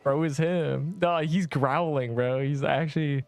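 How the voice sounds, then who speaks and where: A hoarse young man casually chatting and joking while live-streaming a game. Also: a little high, darkish tone, no room sound, soft background music. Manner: joking, chatty, quick to laugh.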